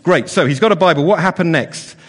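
A man's voice: on the high side, a little fast. A man leading an all-age church service, chatty and playful with the children, with lots of fillers and restarts. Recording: long church reverb.

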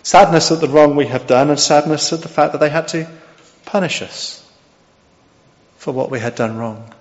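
In a church hall, a man preaches an expository sermon and often poses questions to the congregation, speaking at normal speed in a slightly high voice. The sound is dull and carries a long hall reverb.

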